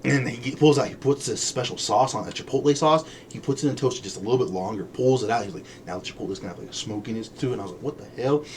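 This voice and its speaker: A man co-hosting a podcast, chatting casually and telling lively stories, acting out the people he quotes and laughing often. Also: mid-range voice, very fast, few pauses, a little hiss or hum. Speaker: podcast co-host. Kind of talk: casual chat.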